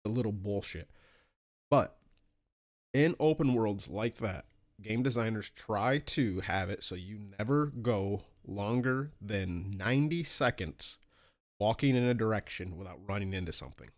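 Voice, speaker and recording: Animated, foul-mouthed man telling gaming stories. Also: a little slow. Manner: animated storytelling, swears freely, jumps up in pitch for quoted asides. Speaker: podcast co-host. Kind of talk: casual podcast chat.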